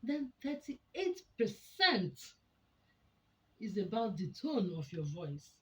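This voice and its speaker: A woman's voice: mid-range voice, very animated, slow pace, a bit bright. A woman giving a motivational talk on communication in marriage, emphatic and teacherly, asking her listeners rhetorical questions. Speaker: relationship speaker. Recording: dull lo-fi sound with faint noise.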